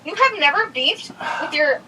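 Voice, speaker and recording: A woman rants with loud, exaggerated profanity, her high voice leaping up and down. She comes through a phone on speaker, sounding a little distant. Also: lively intonation, normal speed, noisy background. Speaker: caller, host's youngest daughter. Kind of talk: comic angry rant on a phone call.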